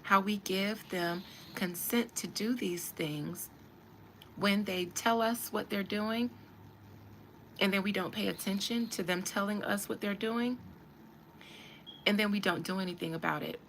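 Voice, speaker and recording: A woman's voice: medium pitch, a little slow, long pauses, a bit bright, slight background noise. Emphatic woman holding forth on a podcast. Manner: emphatic, preachy, addresses listeners directly. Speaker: podcast host. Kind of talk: casual commentary.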